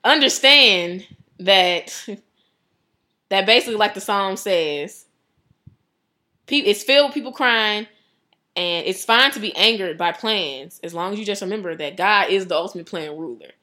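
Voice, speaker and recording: A woman giving a casual devotional talk, chatty and animated, laughing often and saying "like" a lot. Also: mid-range voice, unhurried. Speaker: devotional speaker.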